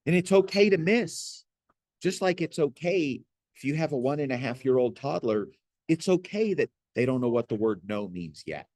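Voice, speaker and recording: A man's voice: a little high, lively intonation, moderate pace, darkish tone, no room sound. A man giving an earnest, pastoral teaching talk and leaning on folksy everyday illustrations. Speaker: Christian teacher. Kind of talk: gentle spoken teaching.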